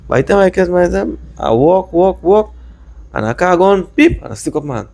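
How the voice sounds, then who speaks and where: A man from Trinidad with a Trinidadian accent, casually telling a rambling personal story in lively dialect. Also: high voice, moderate pace, gravelly, dry recording. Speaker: vlogger.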